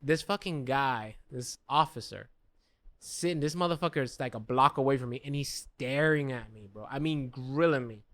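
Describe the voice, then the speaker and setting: Brief: young American guy, bright forceful voice, dry close sound, swearing storyteller. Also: medium pitch, normal speed, no echo. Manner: profane, rambling anecdote. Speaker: podcast co-host. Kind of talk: casual chat, storytelling.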